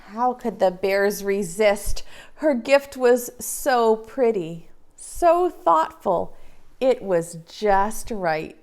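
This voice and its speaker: A young woman, a preschool teacher, reading a story and talking gently to young children in a sing-song way. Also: medium pitch, animated, very slow.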